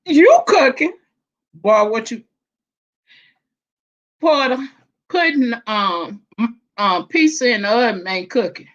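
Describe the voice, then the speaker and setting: A woman chats on her livestream, greeting viewers as baby and child. Her voice sits a little high and she takes her time with every word. The stream audio sounds dull and lo-fi. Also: expressive. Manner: warm, affectionate, drawn-out and emotional, calling viewers baby and child. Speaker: livestream host. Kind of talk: casual livestream chat.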